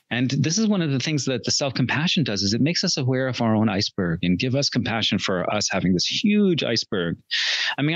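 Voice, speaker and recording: A man's voice: mid-range voice, no echo. Earnest man on a dull, dry line. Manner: earnest and reflective, laughs at his own slips. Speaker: podcast guest. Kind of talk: casual interview chat.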